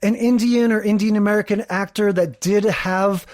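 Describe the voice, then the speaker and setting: A man's voice: sits high, steady tone, moderate pace, a little mellow. A man co-hosting a podcast in casual chat, hedging his views with fillers like "you know". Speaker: podcast co-host.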